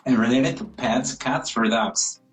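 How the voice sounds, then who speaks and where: Podcast interviewer, halting and repetitive questions, soft music under. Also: medium pitch, rough recording. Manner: hesitant, repeats words.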